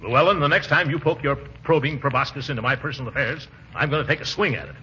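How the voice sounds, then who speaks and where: An actor playing a blustery, pompous middle-aged uncle in a 1940s radio comedy, with a flustered, bombastic delivery. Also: male voice, fast talker, very noisy, lightly acted. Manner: bombastic, flustered, booming outbursts. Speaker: uncle and employer. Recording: muffled old radio broadcast.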